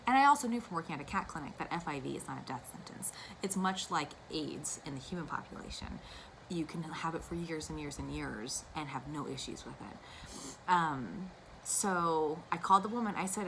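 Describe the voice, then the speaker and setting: Casual woman vlogger, a little low-pitched, chatty and enthusiastic, light room hum behind. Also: expressive, fairly quick, creaky, fairly bright tone, poor audio. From United States. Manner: chatty and gushing, with asides. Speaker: cross-stitch vlogger. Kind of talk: casual chat to camera.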